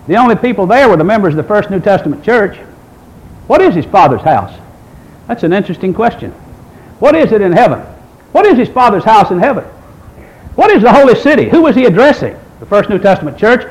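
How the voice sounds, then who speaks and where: A man's voice: high-pitched, big pitch swings, fast, rough recording. A man in his sixties preaching a sermon, quoting scripture and asking the congregation rhetorical questions in an emphatic way. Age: 60s. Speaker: pastor.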